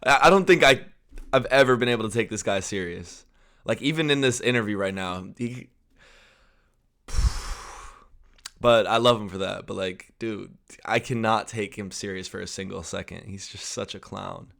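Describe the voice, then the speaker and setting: Brief: American male reactor, lowish voice, laid-back slangy chat. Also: moderate pace, creaky. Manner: relaxed, says bro and like, trails off quietly. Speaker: YouTube reactor. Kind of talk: casual reaction commentary.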